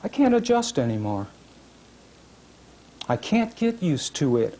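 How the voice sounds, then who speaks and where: Slow, expressive man reading aloud. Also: a little high. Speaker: author reading his own fiction. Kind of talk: public literary reading of first-person prose. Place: reading series event.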